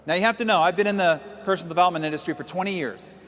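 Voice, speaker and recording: A man's voice: high-pitched, very fast, a bit bright. A man giving an emphatic motivational speech, telling stories and acting out quotes along the way. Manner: emphatic, storytelling with acted quotes. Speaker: motivational speaker. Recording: long hall reverb with faint music.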